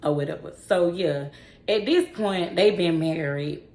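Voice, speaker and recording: Woman, low and gravelly; blunt, cussing storyteller; echoey room. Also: a little slow. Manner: blunt, profane, animated storyteller. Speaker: vlogger telling a story. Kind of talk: casual storytime. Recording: echoey room with faint noise.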